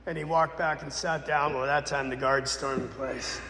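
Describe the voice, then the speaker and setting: A man, a Catholic priest, telling a dramatic story in a sermon, swinging between loud bursts and hushed lines. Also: mid-range voice, fairly even intonation, moderate pace. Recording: echoey church with long reverb.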